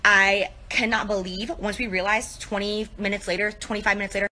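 Bright, rambling apologetic woman. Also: mid-range voice, level tone, a little fast, low-quality recording. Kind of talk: apology video.

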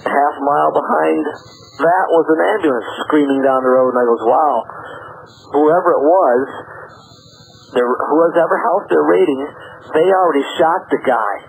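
A man's voice: on the high side, normal speed, gravelly, slight background noise, low-quality recording. A middle-aged man, a radio interview guest, telling his story in plain words and acting out what people said. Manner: plain-spoken, acts out quoted dialogue with rising excitement.

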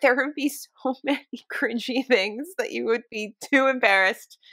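A woman's voice: fairly high pitch, moderate pace, bright, forceful tone, dry recording. A woman co-hosting a book podcast in casual chat, candid and swearing freely, often laughing. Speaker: podcast co-host.

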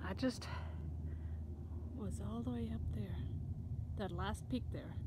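Slow-talking breathless woman hiking outdoors. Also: medium pitch. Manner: chatty, enthusiastic, drops to near-whispers at times. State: out of breath from climbing. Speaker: hiking vlogger. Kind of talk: casual hiking vlog narration. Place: outdoors on a desert hiking trail. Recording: windy outdoor handheld recording. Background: wind noise.

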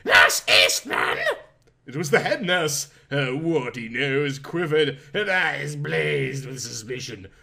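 A man's voice: a little high, animated, slow pace, creaky, few pauses, pushed and bright. A man reading a comic parody story aloud in a melodramatic, mock-passionate narration.

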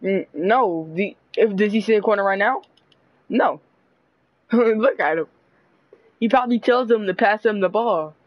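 A young man giving excitable, laughing, profane commentary while playing a basketball video game, on a dull lo-fi mic. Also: high voice, measured pace, long pauses, no echo. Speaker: gamer. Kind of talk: live gameplay commentary. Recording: dull lo-fi dry mic audio.

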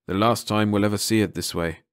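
A man voicing a grim, driven male rebel leader with a low, terse delivery. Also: steady tone, a little fast, smooth, close to an everyday voice. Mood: intent.

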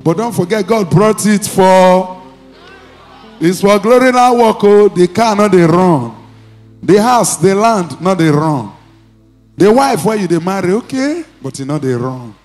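A male pastor with a Nigerian accent preaching and leading deliverance prayer in a church, commanding and repeating short phrases, sometimes breaking into shouts. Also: high-pitched, animated, measured pace, soft background music.

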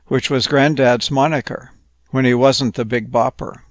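A man gently narrating a playful, whimsical bedtime story. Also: medium pitch, fairly even intonation, normal speed, dry recording.

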